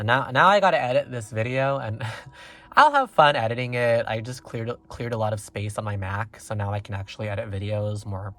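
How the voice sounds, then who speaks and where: This casual pick-a-card reading comes from a male tarot reader who rambles with excitement. Fillers pile up, and his pitch shoots upward without warning.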